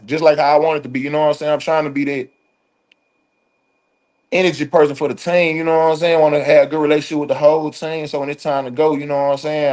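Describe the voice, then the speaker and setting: Young Southern male athlete, easygoing interview guest, voice sits a bit high. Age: young adult. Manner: relaxed, says "you know what I'm saying" constantly. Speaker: college football linebacker guest. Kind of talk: casual interview.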